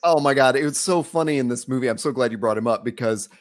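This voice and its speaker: A man's voice: medium pitch, fast. A man co-hosting a podcast, chatting casually about a film with frequent fillers. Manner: chatty, laughing, full of fillers. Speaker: podcast co-host. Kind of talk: casual chat.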